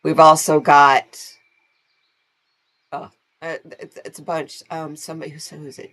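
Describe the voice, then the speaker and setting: A woman hosting a casual tarot live stream. She chats warmly with her viewers, greets them by name and laughs often. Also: deep voice, little pitch movement, normal speed.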